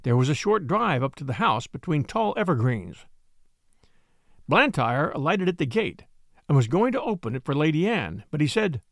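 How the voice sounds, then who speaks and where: A man narrating a classic novel in an expressive, measured storytelling manner. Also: fairly high pitch, no room sound, studio quality. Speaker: audiobook narrator.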